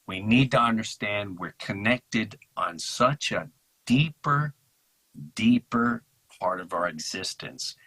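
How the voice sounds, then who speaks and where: A man talking in an impassioned, animated way in a casual podcast conversation, acting out quotes in mocking voices. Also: lowish voice, slow, breathy edge, rough recording. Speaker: podcast guest.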